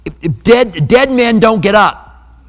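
A man's voice: high-pitched, expressive, slow pace, in a large hall. A man preaching a sermon as pastor, in a conversational manner with humorous asides.

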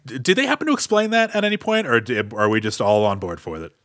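A man's voice: medium pitch, huge pitch swings, fast talker, a bit bright. A man co-hosting a podcast, musing wryly about an action movie in casual chat. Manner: wry, questioning, thinks aloud with fillers. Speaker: podcast co-host.

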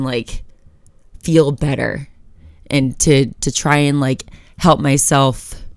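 A woman's voice: deep voice, a little mellow, no room sound, studio quality. A young woman hosting a solo podcast, talking candidly and motivationally and swearing freely. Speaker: podcast host. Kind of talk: casual solo podcast talk.

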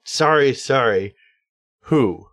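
A man's voice: medium pitch, expressive, takes it slowly, fairly bright tone, dry recording, studio quality, voice pushed up. Man doing an adventurer with broken speech. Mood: earnest. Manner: broken, clumsy phrasing.

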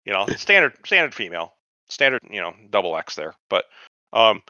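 A man's voice: lowish voice, a little fast, no room sound, lo-fi sound. A man co-hosting a podcast, bluntly retelling and mocking scenes from a TV show with lots of swearing. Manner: blunt, profane, animated retelling. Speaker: podcast co-host. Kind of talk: profane casual chat about a TV show.

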